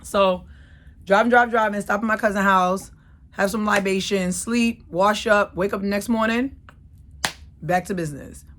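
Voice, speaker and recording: This woman in her thirties hosts her own channel, speaking in a mid-range, slightly bright voice at normal speed with fairly even intonation. She tells a personal story casually but emphatically, repeating phrases for effect.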